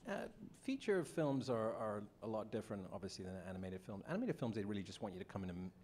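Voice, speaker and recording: A man on a convention panel answering a question, pausing often to search for words. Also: lowish voice, sing-song, a little mellow, slight background noise. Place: convention hall.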